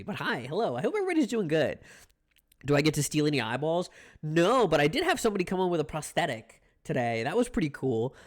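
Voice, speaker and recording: Playful, rambling male streamer. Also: fairly high pitch. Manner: playful, rambling, greets chat repeatedly. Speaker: live streamer. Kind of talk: casual live-stream chat.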